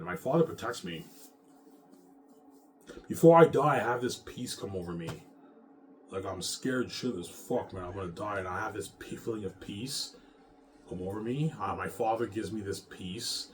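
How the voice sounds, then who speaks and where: A man's voice: lowish voice, animated, moderate pace, long pauses, a little hiss or hum. A man giving a rambling vlog monologue, profane, emphatic and repetitive. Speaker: vlogger.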